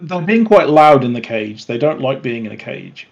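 A man narrating a tabletop game as game master, calm and descriptive. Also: mid-range voice, normal speed, vocal fry, highs cut off.

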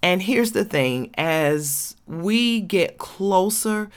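A woman's voice: mid-range voice, animated, extremely slow, smooth. A woman, hosting an inspirational podcast and talking candidly and folksily straight to her listeners. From Georgia, USA. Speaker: podcast host.

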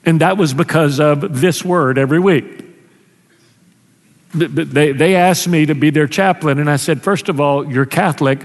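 A man's voice: on the high side, moderate pace, big-room sound. A male pastor, preaching a sermon in a conversational way, often restarting his sentences. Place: church sanctuary.

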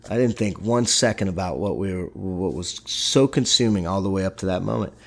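A middle-aged man tells a personal story in a casual, animated way, with lots of halting restarts. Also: low-pitched, creaky.

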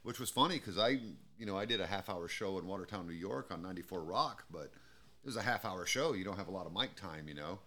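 Low-voiced laughing male podcast host. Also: animated, fast talker, bright, forceful tone. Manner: laid-back, swears freely, laughs often. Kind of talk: casual chat.

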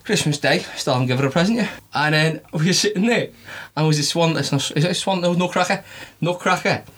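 A man's voice: fairly high pitch, fast talker. A man telling a funny story in a casual podcast chat, laughing often and acting out the people in it. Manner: animated, laughs often, acts out voices in anecdotes. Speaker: podcast co-host.

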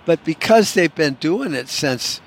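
A man's voice: a little high, lively intonation, unhurried, a little hiss or hum. A man hosting a solo podcast, ranting in a profane, sarcastic way. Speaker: podcast host.

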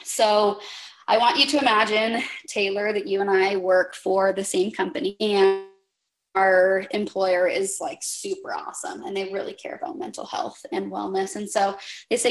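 A woman chatting on a podcast, her voice sitting at an ordinary middle pitch. She tells stories with animation, slipping into the voices of both people in an imagined exchange. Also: moderate pace. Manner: animated storytelling, acts out both sides of dialogue. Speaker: podcast guest. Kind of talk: casual conversation.

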